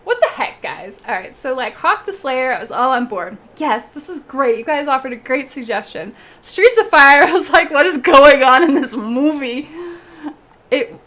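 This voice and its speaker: A young woman hosting a casual live stream, chatting with viewers while she paints, laughing often and breaking into animated asides. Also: on the high side. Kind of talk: casual chat while reading viewer comments.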